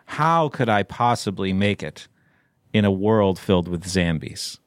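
A man's voice: fairly low pitch, animated, smooth, dry recording. Chatty rambling man, dry close mic. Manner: rambling, playful, drawn-out musings. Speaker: podcast host. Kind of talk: casual chat.

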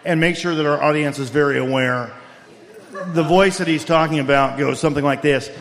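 A man's voice: on the high side, brisk, fairly bright tone. A man playing a bombastic, paranoid male conspiracy talk-show host, ranting in mock-grave pronouncements in a live comedy bit. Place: live event hall. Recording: long hall reverb.

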